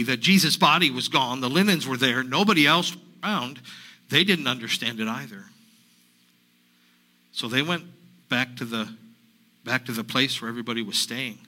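Man voicing a grieving woman disciple, first-person sermon monologue, halting, repetitive, mid pitch, very bright sharp tone. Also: low-quality recording. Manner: halting, repeats himself, emotional retelling. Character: grieving woman disciple recounting the empty tomb.

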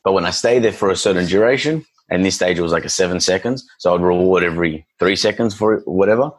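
A man's voice: sits low, fast, low-quality recording. A man who works as a dog trainer, chatting casually and acting out his clients and their dogs as he tells stories. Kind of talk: casual podcast chat.

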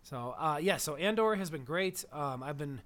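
A man's voice: fairly high pitch, lively intonation, a bit bright. Rambling man in casual chat. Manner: rambling, digressive, quick to laugh. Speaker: podcast co-host.

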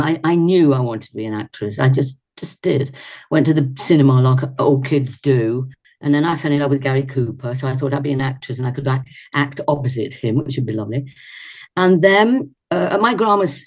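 A woman's voice: low voice, darkish tone. An older woman from Leicester, England, an actress and singer, chatting animatedly with little laughs as a guest on a video call. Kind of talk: reminiscing in a casual interview. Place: indoors at home.

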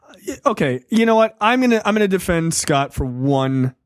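A man's voice: sits high, very animated, fairly quick, no room sound, studio quality. A man co-hosting a podcast, talking politics in casual, sarcastic banter and often restarting his sentences. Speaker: podcast co-host.

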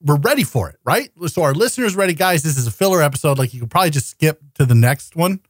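A man's voice: on the high side, lively intonation, fast, husky, no room sound, studio quality. A man co-hosting a podcast, stammering and restarting often in a mock self-pitying way. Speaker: podcast co-host. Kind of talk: casual podcast chat.

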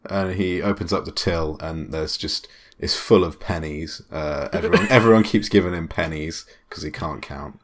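A man's voice: low-pitched, normal speed, few pauses. A man running a comedy tabletop game as game master, rambling with many fillers. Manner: rambling, laughing, filler-heavy.

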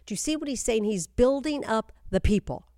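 A warm, expressive female voice, fairly high in pitch and brisk, comes through a dry, clean studio recording. Speaking as a spiritual coach, she teaches the Bible for a YouTube channel and podcast, repeating phrases emphatically and urging listeners directly to stay with her.

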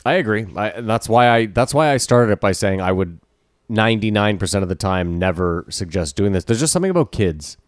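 Low-voiced man, hesitant and dry. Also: lively intonation, a little fast, no echo. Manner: hesitant and weighing both sides. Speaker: podcast co-host. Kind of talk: casual discussion.

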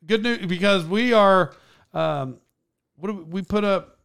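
A man hosts a relaxed podcast chat. His voice sits a touch high and comes through clean and smooth. He laughs a lot and trips over his words as he goes. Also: unhurried. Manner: laughing, joking, rambling with restarts. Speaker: podcast host. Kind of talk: casual chat.

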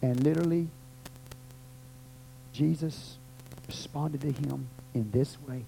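A pastor with a Texan accent preaching a sermon, rising to loud cries and dropping to quiet murmurs. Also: male voice, slow, vocal fry, long pauses, a little hiss or hum, low-quality recording. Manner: fervent, swings from loud cries to low murmurs. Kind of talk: sermon with prayer.

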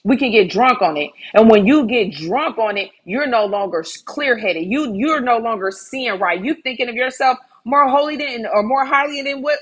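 A woman preaching an online sermon, fervent and repetitive, often dropping to soft hushed phrases. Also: on the high side, husky. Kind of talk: online sermon with altar call.

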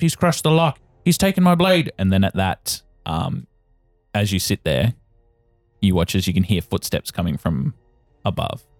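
A very low-voiced man guiding a tabletop game, calmly describing each scene to the players. The sound is dry and close, with faint music playing behind. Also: no room sound. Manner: steady, descriptive narration with repeated "you watch". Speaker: game master.

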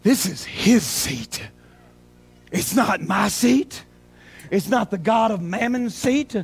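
High-voiced preaching man, loud to hushed. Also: expressive, slow, breathy edge. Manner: preaching with big swings from shouting to hushed whispers. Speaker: pastor. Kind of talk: sermon. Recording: music playing behind.

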